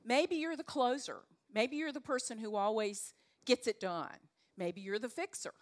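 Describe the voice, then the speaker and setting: A woman's voice: a little high, normal speed. Chatty Southern woman giving a talk. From North Carolina, US. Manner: chatty, direct, folksy with frequent fillers. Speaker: leadership coach. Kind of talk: motivational talk to an audience. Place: event room with a live audience.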